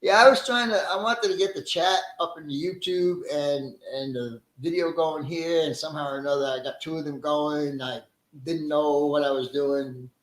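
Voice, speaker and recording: A man's voice: fairly high pitch, moderate pace, reverberant, poor audio. Chatty man hosting a live stream. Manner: friendly, chatty, laughs easily. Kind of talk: casual live stream chat greeting viewers.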